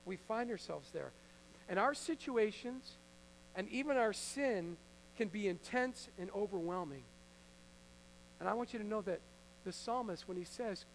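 A pastor preaching a sermon to a live congregation in an earnest, conversational way, sometimes acting out Bible figures. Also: male voice, sits high, animated, normal speed, creaky, slight background noise, poor audio. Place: church before a congregation.

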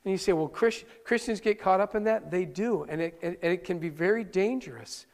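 A male pastor preaching a sermon live, earnest and animated, often restarting his words. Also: high voice, fairly quick, big-room sound. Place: church sanctuary, live-streamed service.

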